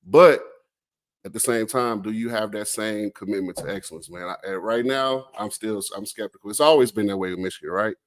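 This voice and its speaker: A man's voice: lowish voice, fairly quick. A man co-hosting a casual sports talk show, speaking in an emphatic, questioning way.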